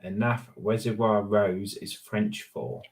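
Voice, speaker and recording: A man's voice: lowish voice, steady tone, takes it slowly. A man, co-hosting a casual live chat stream and teasing his co-host. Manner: teasing, jokey. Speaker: livestream co-host.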